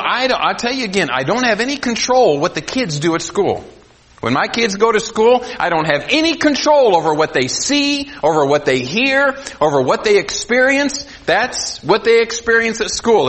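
A man preaching a sermon to a congregation, swinging between loud emphasis and quiet asides. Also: high-pitched. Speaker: pastor.

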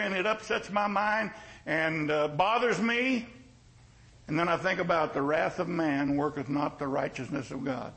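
A man's voice: fairly high pitch, moderate pace, fairly bright tone, rough recording. A male pastor preaching a sermon in a folksy, joking way, with emphatic repetition.

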